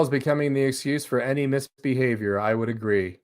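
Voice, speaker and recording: A man hosting his own live stream reads out viewer comments and chats in a loose, sarcastic way, breaking into laughs as he goes. He speaks at an ordinary mid pitch, a little fast and slightly mellow.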